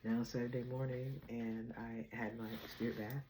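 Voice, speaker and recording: A woman hosting her own chat vlog from home, talking fast and bubbly about spiritual topics and laughing often. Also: a bass voice, flat delivery, mellow, slight background noise, poor audio. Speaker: vlog host. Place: home apartment.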